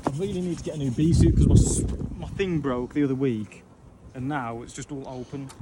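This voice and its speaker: A man's voice: mid-range voice, a little fast, very noisy. A man, chatting and telling stories while removing bees. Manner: chatty, tells anecdotes, laughs easily. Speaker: bee removal worker. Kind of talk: casual chat while working.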